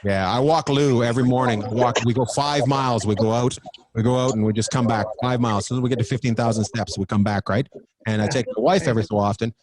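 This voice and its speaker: A man's voice: mid-range voice, fast talker. A man doing crowd-work stand-up from a studio, teasing the audience with loose, profane riffing. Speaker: stand-up comedian. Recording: loud audience laughter throughout.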